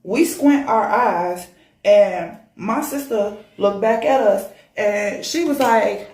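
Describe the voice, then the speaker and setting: A woman telling a personal ghost story in a casual, animated, emphatic way, often repeating words. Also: fairly high pitch, a little slow, echoey room.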